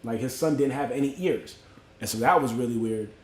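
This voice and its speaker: A man's voice: medium pitch, a little fast, roomy sound. A man from Miami hosting a livestream, telling a motivational story in loose, slangy street talk and greeting viewers by name. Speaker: livestream host.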